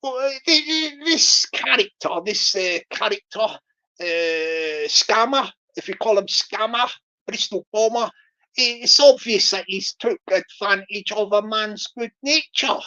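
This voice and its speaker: A woman's voice: mid-range voice, expressive, measured pace, pushed and bright. A woman hosting her own channel, chatting in a rambling casual way with many restarts and fillers. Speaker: channel host. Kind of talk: rambling casual vlog chat. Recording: dull lo-fi recording.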